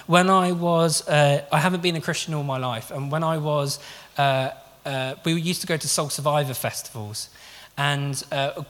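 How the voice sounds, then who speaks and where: Preacher with a higher voice in an echoing hall. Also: male voice, a bit bright. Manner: earnest, conversational, with frequent restarts and fillers. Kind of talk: sermon. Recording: long reverb of a large hall.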